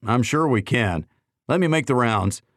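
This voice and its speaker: A man voicing a friendly, brisk community leader who talks in an upbeat way. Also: mid-range voice, animated, fairly bright tone, no echo, clean studio sound, close to an everyday voice.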